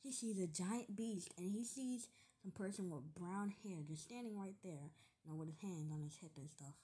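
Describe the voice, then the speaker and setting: A woman's voice: fairly low pitch, moderate pace, mellow, breathy edge. A woman casually retelling a fan story, rambling with lots of fillers and joking asides.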